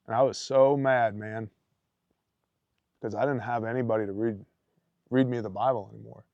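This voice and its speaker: A man's voice: on the low side, steady tone, normal speed, long pauses, no room sound. A man casually telling a personal story in a blunt, emphatic way, often tossing in "man". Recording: dull, dry lo-fi podcast audio.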